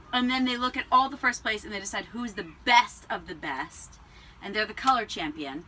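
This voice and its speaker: A woman co-hosting a casual farm podcast, chatty and quick to laugh while telling stories. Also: on the high side, bright, forceful tone, a little hiss or hum, poor audio. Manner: chatty, laughs often, storytelling. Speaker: podcast co-host, alpaca farmer. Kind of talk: casual chat.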